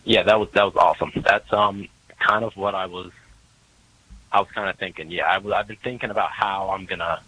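A man's voice: low-pitched, steady tone, brisk, sharp tone, husky, rough recording. A young man in college calling in to a radio show, hesitant and rambling, with many fillers. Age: young adult. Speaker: caller.

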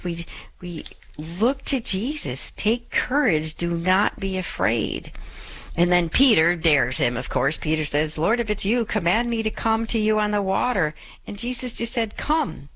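A woman's voice: low-pitched, a bit bright, rough recording. A middle-aged woman hosting a call-in prayer show, giving an earnest gospel reflection and repeating scripture lines for emphasis.

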